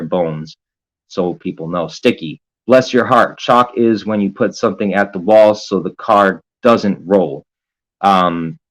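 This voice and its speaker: A man's voice: sits low, low-quality recording. A man live-streaming in a casual, rambling way, reading viewer comments aloud with lots of fillers and some swearing. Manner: rambling and hesitant, full of fillers and profanity.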